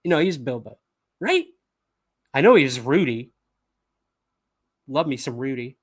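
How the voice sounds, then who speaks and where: A man's voice: medium pitch, big pitch swings, measured pace, dry recording, studio quality. A man hosting a news livestream, talking casually with fillers and laughs. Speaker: podcast host.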